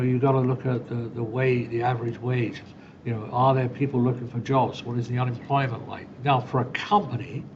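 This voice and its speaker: Male podcast host with a gravelly voice, chatty storyteller who acts out dialogue, middle-pitched, dull lo-fi sound. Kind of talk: solo podcast monologue. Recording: dull lo-fi sound with faint rumble.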